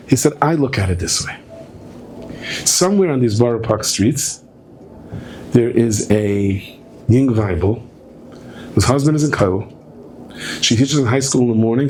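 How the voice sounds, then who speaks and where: Animated rabbi telling stories from the pulpit. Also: male voice, slight background noise. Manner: animated storyteller, swinging from soft asides to high excited outbursts. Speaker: rabbi giving a guest talk. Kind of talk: storytelling sermon. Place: synagogue hall.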